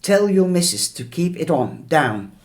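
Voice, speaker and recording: A gruff middle-aged cab driver with a Dublin accent, impatient and curt, as a man reading the story puts him on. He speaks slowly and bluntly, with no patience for trouble. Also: a little high, sing-song, pitched above the performer's own voice. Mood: irritable. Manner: sharp and curt.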